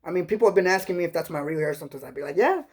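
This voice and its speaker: A man's voice: fairly high pitch, racing, darkish tone. A man talking casually on a live stream, rambling and earnest, sprinkling his talk with "man" and "you know". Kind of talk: casual live-chat monologue.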